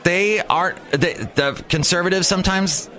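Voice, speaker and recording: A man's voice: sits high, normal speed. A man hosting his own daily podcast, rambling through a comedic monologue with lots of restarts and asides. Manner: rambling, animated, self-interrupting. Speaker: podcast host. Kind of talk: comedic monologue with character voices.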